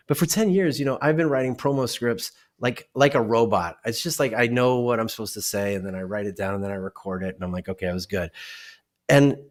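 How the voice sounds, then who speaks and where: A man guest in a conversational interview, explaining animatedly and acting out short exchanges. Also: medium pitch. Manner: animated, acts out dialogues. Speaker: guest, keynote speaker and author.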